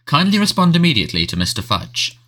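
A man doing a crisp, formal talking portrait. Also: on the high side, very animated, fast, bright, forceful tone, pitched above the performer's own voice, heavily acted. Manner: crisp, decisive, like a prepared statement.

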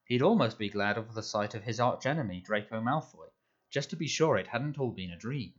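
Guy reading a kids' novel, lowish voice, bit muffled lo-fi sound. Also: lively intonation, slightly rough. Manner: measured storytelling. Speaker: audiobook narrator. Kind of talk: scripted narration.

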